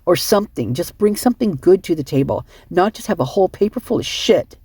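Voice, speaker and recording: Husky, rambling sleep-deprived woman. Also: fairly low pitch, lively intonation, brisk, warm tone, no room sound. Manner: rambling, many restarts, emotional. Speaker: online commentator. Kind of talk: casual rambling commentary.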